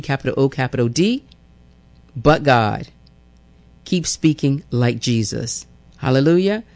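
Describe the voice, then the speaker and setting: Male radio host, fairly high voice, lively preaching, repeats phrases to listeners. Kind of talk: radio devotional and announcements.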